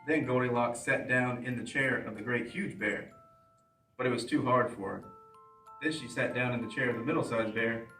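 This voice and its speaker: A man reads a children's bedtime story aloud in a plain, steady voice at an ordinary middle pitch. He sits away from the mic, and the room adds a clear echo. Faint music plays underneath. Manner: plain, steady reading with small slips. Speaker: police officer reading to children. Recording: roomy echo, mic at a distance.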